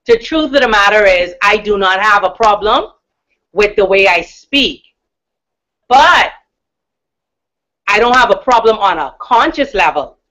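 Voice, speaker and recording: A woman from the Bahamas with a deep, powerful voice gives an emphatic, encouraging motivational talk as a mindset coach. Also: bright, forceful tone. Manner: emphatic, encouraging, with slow stressed words. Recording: dull lo-fi recording.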